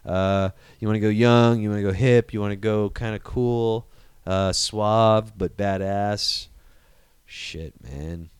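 A man in casual conversation, animated and profane, rambling freely from one point to the next. His voice is smooth and resonant, recorded dry and close. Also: lowish voice, slow pace, dry recording. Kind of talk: casual chat.

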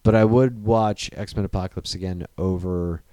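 A man hosting a casual movie chat, animated and profane, joking and laughing often. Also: low voice, moderate pace, no room sound. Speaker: podcast host.

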